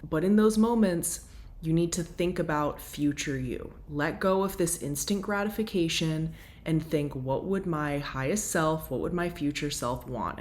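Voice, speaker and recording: A woman leading a guided breathwork session, talking in a calm, gentle and reassuring way. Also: low-pitched, slight background noise. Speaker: breathwork instructor.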